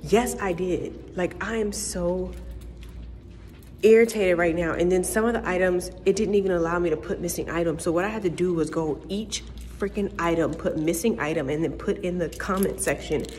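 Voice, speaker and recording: A woman's voice: fairly low pitch, fairly quick, hardly any pauses, darkish tone, a little hiss or hum. A young woman vlogging casually, venting in an exasperated, swearing ramble full of "like" and "bro". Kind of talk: casual vlog rant.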